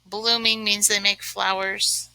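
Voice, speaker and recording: A woman's voice: mid-range voice, level tone, takes it slowly, creaky, sharp tone, smooth, no echo, low-quality recording. A woman teaching a remote lesson, chatting and thinking aloud as she writes, with many fillers. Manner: chatty, uses lots of fillers. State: sneezing from allergies.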